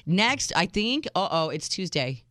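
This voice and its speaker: A woman's voice: on the low side, sing-song, measured pace, fairly bright tone, no echo, studio quality. A woman co-hosting a radio talk show, chatty and teasing, laughing often as she banters.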